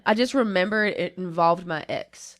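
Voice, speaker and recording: A woman's voice: lowish voice, normal speed, no room sound. A woman co-hosting a casual podcast chat, talking candidly in a rambling way and often cutting off her own sentences. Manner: rambling, self-interrupting, candid. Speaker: podcast co-host.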